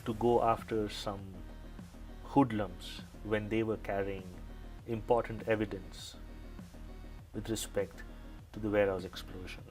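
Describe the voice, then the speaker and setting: A foul-mouthed police lieutenant, put on by a man snaps and swears in a low-set voice at loud volume. He drops into a guarded hush when he shares secrets. Faint music plays underneath. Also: little pitch movement, measured pace, long pauses, natural voice. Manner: cursing, barking, then lowered conspiratorial tone. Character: gruff furious male police lieutenant, middle-aged.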